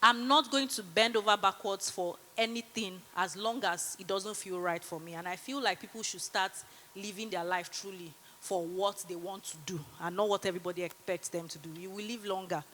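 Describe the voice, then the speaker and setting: A woman's voice: mid-range voice, normal speed, in a large hall, a little hiss or hum. A Nigerian woman in her thirties giving a chatty motivational conference talk and leading a breathing exercise. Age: 30s. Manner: lively, chatty, teasing the audience. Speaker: conference speaker. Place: large conference hall.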